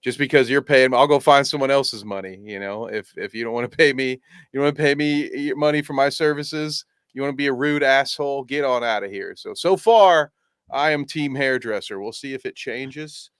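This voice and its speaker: A man riffing on a clip with his co-host, swearing freely and laughing at his own jokes. His voice is smooth and clear, recorded dry and close. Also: mid-range voice, moderate pace, fairly bright tone, no echo. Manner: blunt, profane, laughing opinions. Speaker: podcast co-host. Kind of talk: casual reaction commentary.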